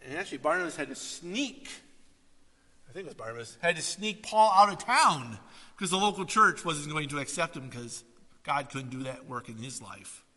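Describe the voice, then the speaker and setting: A man preaching a sermon, swinging from loud, animated retellings to quiet, earnest asides. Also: a little high, moderate pace. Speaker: pastor. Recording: long reverb of a hall.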